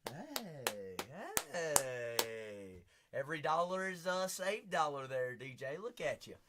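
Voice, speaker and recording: Male live-stream card break host, standing, unhurried delivery, big swings into shouted hype. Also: fairly high pitch, lively intonation. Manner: hype-driven, bursts into shouts; chatty, teasing viewers by name. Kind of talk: live-stream auction patter.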